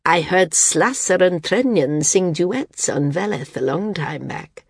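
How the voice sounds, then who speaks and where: A woman reading the part of a frail, dying old woman who speaks frankly, wearily and with quiet firmness. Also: lowish voice, lively intonation, slow pace, breathy edge, no echo, studio quality, exaggerated voice. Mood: wry. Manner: frank, weary, gently firm.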